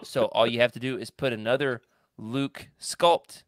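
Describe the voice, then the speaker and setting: A man's voice: medium pitch, fairly even intonation, a little slow, no room sound, clean studio sound. A man co-hosting a podcast in casual chat, joking around and laughing often. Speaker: podcast co-host.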